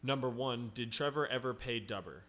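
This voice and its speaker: A man hosting a podcast, reading listener questions aloud in a plain, steady voice. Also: mid-range voice, normal speed.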